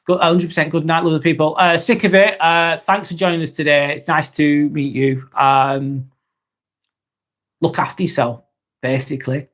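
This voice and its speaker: He's hosting a live vlog, his voice sitting on the higher side at a moderate pace as he talks casually and reads viewers' comments. Easygoing and conversational, he says um a lot and swears now and then.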